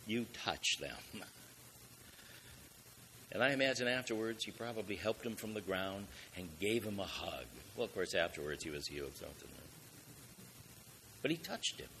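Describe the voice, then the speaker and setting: Animated male preacher, low voice. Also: a little hiss or hum. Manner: rhetorical questions, emphatic swells in volume. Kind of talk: sermon.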